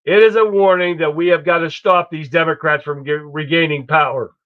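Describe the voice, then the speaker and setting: A man's voice: a little high, steady tone, brisk. A man hosting a casual political live stream, folksy and chatty, greeting viewers by name. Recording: dull lo-fi stream audio.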